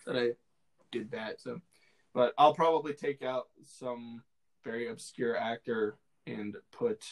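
A young man co-hosting a podcast in casual chat, animated and laughing often. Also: mid-range voice, measured pace. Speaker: podcast co-host.

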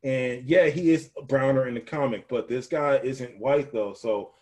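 A man co-hosting a laid-back podcast, talking fast and animatedly. He often restarts his sentences and jumps in over his partner. His voice sits in the middle range for a man. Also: mid-range voice, a little mellow. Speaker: podcast co-host. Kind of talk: casual chat.

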